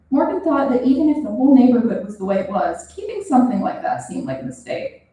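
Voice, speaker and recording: Young woman, reading fiction aloud, lively pitch, mellow tone, echoey room. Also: quick pace. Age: young adult. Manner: expressive, animated reading. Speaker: student author reading her fiction. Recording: roomy, from a distance.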